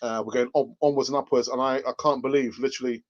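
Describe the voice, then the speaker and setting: A man's voice: mid-range voice, steady tone, fast talker, dull audio. A man hosting a live football fan stream, talking casually and rambling, with exclamations and restarts. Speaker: football channel host.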